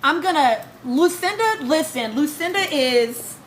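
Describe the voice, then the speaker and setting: High-voiced, fired-up woman streamer. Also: unhurried, background noise. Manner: animated, exasperated, profane, greets chatters by name. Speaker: livestream podcast host. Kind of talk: casual live-stream reality TV chat.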